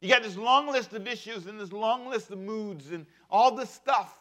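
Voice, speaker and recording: A pastor in his fifties delivering a sermon with a bright, forceful tone. His voice sits a little high for a man, and he swings from loud, driving bursts down to quiet, hushed asides. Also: moderate pace, highs cut off. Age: 50s.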